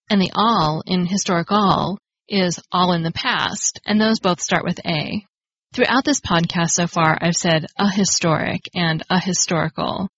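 A woman hosting a podcast, reading a scripted grammar lesson in a clear, explanatory way and stressing the key words. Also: lowish voice, a bit bright, no room sound. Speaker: podcast host. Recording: dry, slightly dull lo-fi studio recording.

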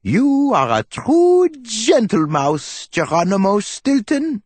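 Man doing a high kindly mouse professor. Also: very animated, takes it slowly, no room sound, heavily acted. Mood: earnest. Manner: warm, grinning, earnest. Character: kindly old male mouse professor, inventor. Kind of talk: audiobook character voice.

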